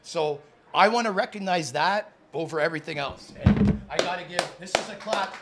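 A man's voice: sits high, normal speed, heavy background noise. A young man hosting a live podcast taping, hyping up his guests like an announcer before settling into earnest talk. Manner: excitable, announcer-like. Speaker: podcast host. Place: sports bar studio.

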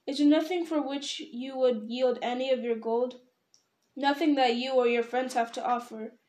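A woman's voice: high voice, fairly even intonation, normal speed, reverberant, lightly acted. A woman reading aloud, voicing a proud, wrathful male dwarf king who raises his voice in anger. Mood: stern. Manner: loud, angry outbursts.

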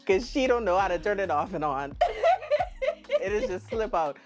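A woman's voice: mid-range voice, expressive, moderate pace, over loud music. A woman with a Bahamian accent hosting a casual podcast chat, teasing and playful with her friends. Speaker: podcast host.

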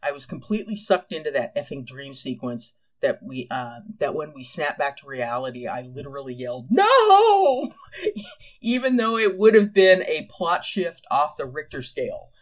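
A man's voice: medium pitch, moderate pace, hardly any pauses. A man co-hosting a podcast, reading listener comments and chatting playfully about a TV drama. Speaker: podcast co-host.

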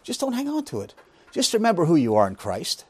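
Man, pastor, sermon, rather high voice, very animated, dry close sound. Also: fairly quick, husky, no echo. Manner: emphatic, with rhetorical questions and joking asides. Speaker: pastor teaching a Bible study.

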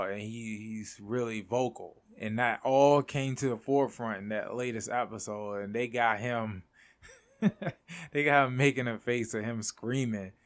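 A young man hosting a casual solo podcast, excitable and rambling, laughing often and restarting his sentences. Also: medium pitch. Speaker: podcast host.

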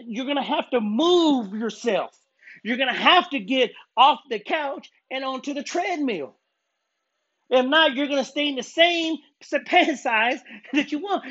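Husky earnest preacher, dull recording. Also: high voice, fairly bright tone. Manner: earnest, stumbling restarts, gym talk. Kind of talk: informal sermon.

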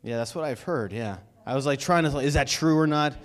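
A man preaching a sermon in a conversational, energetic way, asking the congregation rhetorical questions. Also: mid-range voice, a little fast. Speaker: pastor.

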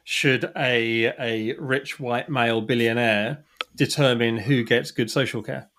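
Guy rambling on a podcast, mid pitch, lots of self-deprecating restarts. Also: fairly even intonation, a little slow, a bit bright, a little hiss or hum. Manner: chatty, self-deprecating, frequent restarts and laughs. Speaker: podcast guest, programmer. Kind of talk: casual conversation.

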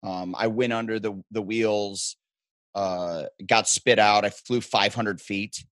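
A man from the Midwest telling stories as a guest, animated and joking in casual chat. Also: lowish voice, no room sound. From American Midwest. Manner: animated storyteller, joking, quick asides.

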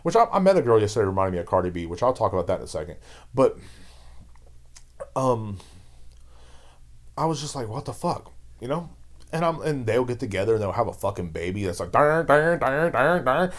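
A man's voice: fairly low pitch, expressive, a little fast, pauses often. A man hosting his own podcast, ranting on his own in a rambling, fired-up way, swearing constantly. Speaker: podcast host. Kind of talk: casual solo rant.

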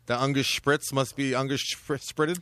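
A man co-hosts a podcast and fills the chat with teasing jokes and silly wordplay. His voice sits at a middling pitch for a man, and his delivery stays relaxed and conversational. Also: normal speed. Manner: joking, teasing. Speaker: podcast co-host. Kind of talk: casual chat.

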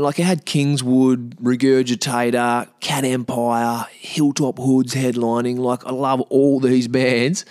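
A young man tells a story in a casual, animated way, cursing freely. His voice sits fairly low and jumps up when he acts out other people. The recording is dry and close. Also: dry recording. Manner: animated, swears, acts out quoted voices higher.

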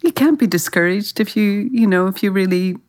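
A woman's voice: medium pitch, a little fast, darkish tone. An Irish woman, an actress, telling career anecdotes in a thoughtful interview, often restarting her sentences. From Ireland. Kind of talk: reflective interview storytelling.

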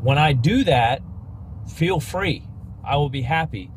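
A man's voice: fairly high pitch, animated, unhurried, a little hiss or hum. A man hosting a podcast, giving a blunt, emphatic and slangy motivational rant. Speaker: podcast host.

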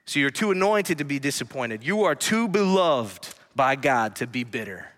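A man pastor preaching a sermon in a church, earnestly swinging between hushed lines and emphatic ones. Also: mid-range voice, sing-song, moderate pace. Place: church sanctuary. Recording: long hall reverb.

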